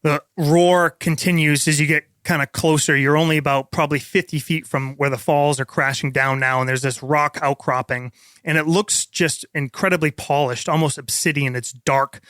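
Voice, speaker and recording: A man's voice: a little high, fairly even intonation, normal speed, fairly bright tone, no echo, clean studio sound. A man narrating a tabletop game as game master, painting vivid scenes with casual fillers.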